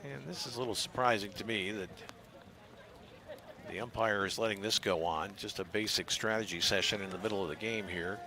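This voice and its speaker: A man giving live play-by-play commentary on a softball game, measured and analytical, at times rising to shouts on big plays. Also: on the low side. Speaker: play-by-play announcer.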